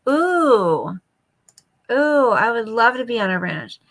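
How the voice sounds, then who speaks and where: A woman's voice: on the high side, sing-song, slow, fairly bright tone. A woman in her fifties hosting a casual late-night live chat, reading viewer comments aloud and answering them. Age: 50s. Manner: coos baby talk to her dog.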